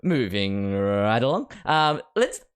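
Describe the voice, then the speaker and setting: Animated young man hosting a chat. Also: on the low side, clean tone. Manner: chatty, animated, giggly, quick asides. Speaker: host. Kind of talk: casual chat over a video call. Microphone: video call at home.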